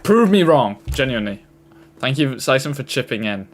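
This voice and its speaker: A man's voice: mid-range voice, big pitch swings, normal speed, soft background music. A man reacting to fan-made clips in casual commentary, joking, exasperated and crude.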